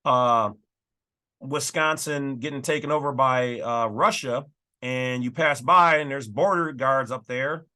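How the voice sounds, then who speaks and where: A man's voice: medium pitch, unhurried, bright, forceful tone, clear, resonant tone. A man hosting his own channel, casually talking through and reading legal documents with folksy, emphatic asides. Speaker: channel host.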